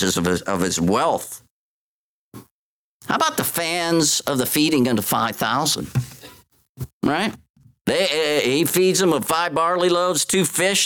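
Male preacher, animated sermon delivery, slips into voices for the people he quotes. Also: medium pitch. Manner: animated, acts out voices of Bible figures in quotes.

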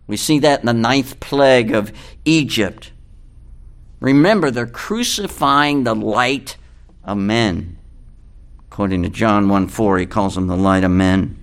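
A man's voice: mid-range voice, fairly bright tone. An older man preaching a sermon in a folksy, earnest way, reading scripture aloud. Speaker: pastor.

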